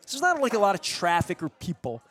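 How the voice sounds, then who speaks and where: A man's voice: high-pitched, sing-song, fast talker, fairly bright tone, breathy edge. A middle-aged man hosting a radio interview in a restaurant, telling a long story in a loose, rambling way with many restarts. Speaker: radio host. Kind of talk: casual interview chat.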